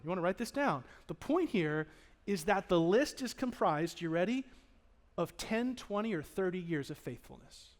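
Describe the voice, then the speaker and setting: A man preaching a sermon as pastor, moving between loud, animated emphasis and hushed, earnest intensity. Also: very high-pitched. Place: church sanctuary.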